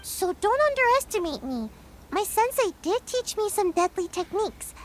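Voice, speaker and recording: A woman's voice: very high voice, sing-song, normal speed, a little hiss or hum. A woman voicing a timid, sleepy little girl ninja in a game, who sighs and yawns. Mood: fibbing. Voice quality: drowsy, sighing, yawning.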